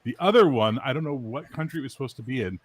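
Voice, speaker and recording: A man's voice: mid-range voice, fast, slight background noise. A man chatting casually as a podcast co-host, swearing freely and acting out bits. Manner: animated storyteller, swears freely, acts out voices. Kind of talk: casual chat.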